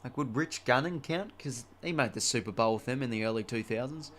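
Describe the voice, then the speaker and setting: A young adult man with an Australian accent and a mid-range, slightly bright voice speaks a little fast. He hosts a live watch-along stream, rambling and chatty, swearing freely while calling the play and chatting between passages.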